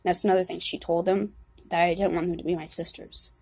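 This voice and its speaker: A young woman speaks candidly in a confessional vlog, her voice husky with a gravelly edge. She halts, restarts and swears freely. The sound is dry and close. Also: lowish voice, flat delivery, darkish tone, no echo. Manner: candid, halting, swears often, many restarts.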